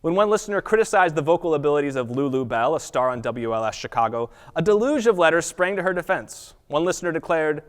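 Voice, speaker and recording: A man giving an academic lecture at a college, reading prepared text in a measured way and sometimes correcting himself. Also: fairly high pitch, expressive. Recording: long reverb of a lecture hall.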